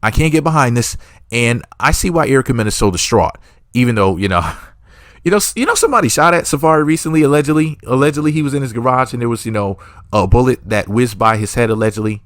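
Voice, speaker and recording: Brief: male entertainment reporter, medium pitch, dry sound, sarcastic gossip rambles full of fake disclaimers. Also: animated, quick pace, no echo. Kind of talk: gossip commentary.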